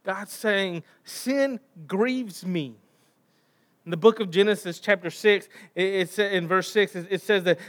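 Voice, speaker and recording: A man's voice: high-pitched, fairly bright tone, clear, resonant tone. A man preaching a sermon, retelling a Bible story and posing rhetorical questions to his listeners.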